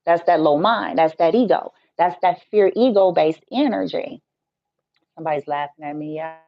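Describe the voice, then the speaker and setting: Speaking at a normal speed in a fairly low voice with no echo, this woman, a Reiki healer and spiritual teacher, delivers a joking, profane, blunt live-stream rant. The sound is dry, dull and lo-fi.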